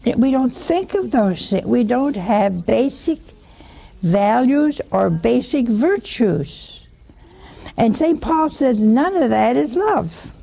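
A woman's voice: on the high side, lively intonation, slow, gravelly, dark tone. A woman giving a chatty sermon, teasing her listeners with rhetorical questions and humor. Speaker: religious teacher. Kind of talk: conversational sermon.

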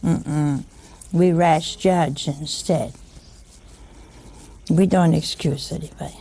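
Slow, gravelly-voiced woman preaching. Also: low voice, steady tone, dark tone. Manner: chatty, teasing rhetorical questions with humor. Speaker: religious teacher. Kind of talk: conversational sermon.

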